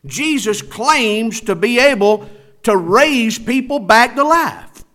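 A male preacher delivering a sermon in an emphatic, rising and falling cadence. His voice sits high and swings widely in pitch, with a bright, forceful edge. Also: very animated, takes it slowly.

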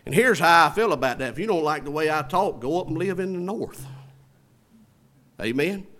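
A high-voiced Southern US preacher with a bright, ringing tone. He swells loud and slow to press a point, then drops low and soft, calling out for amens along the way. Call-and-response sermon delivery. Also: animated. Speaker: pastor.

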